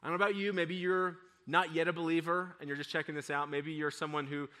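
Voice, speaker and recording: A middle-aged male pastor preaching a sermon, telling a family story with lively, animated delivery. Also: fairly high pitch, fast talker. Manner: storytelling, acts out his children's excited voices. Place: church.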